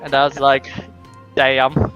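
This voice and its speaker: A man's voice: a little high, moderate pace, fairly bright tone, dull audio, faint music behind. A man streaming, chatting casually and explaining game tactics, swearing now and then. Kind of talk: casual chat while gaming.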